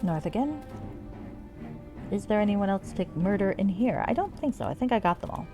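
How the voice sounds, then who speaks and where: A woman's voice: medium pitch, lively intonation, moderate pace. A woman streaming a game, chatting casually and swearing freely. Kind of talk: casual let's-play commentary. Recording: game music behind.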